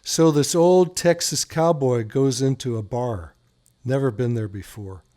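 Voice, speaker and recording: A man's voice: mid-range voice, a little slow, mellow. Playful joking male radio host. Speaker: radio show host, doctor. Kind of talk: casual radio talk, telling jokes.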